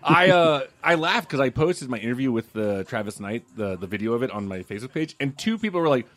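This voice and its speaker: A man's voice: medium pitch, expressive, fairly quick, fairly bright tone. A man who is a film critic, telling a profane story in casual podcast chat and laughing through it.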